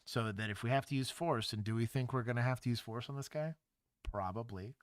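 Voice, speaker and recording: A former police officer from Texas, speaking, hosting a casual livestream and explaining things wryly. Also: male voice, mid-range voice, fairly quick, clear, resonant tone, no room sound, studio quality. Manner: wry, explanatory, chatty.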